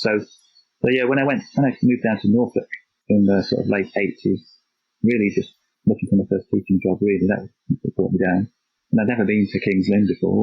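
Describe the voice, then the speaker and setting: Low flat husky man, faint Yorkshire accent. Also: dry recording. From Yorkshire, England. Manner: reflective, halting, many restarts and repeated words. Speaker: podcast guest, geography teacher. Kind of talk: casual interview chat. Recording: dull lo-fi dry remote recording.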